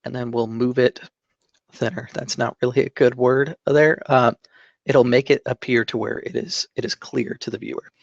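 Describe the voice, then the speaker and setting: A man hosting a tabletop game channel, calmly explaining a digital map-drawing tutorial step by step, with fillers and self-corrections. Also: mid-range voice, normal speed, creaky, no echo, muffled recording. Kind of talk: screen-recorded drawing tutorial. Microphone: desk microphone.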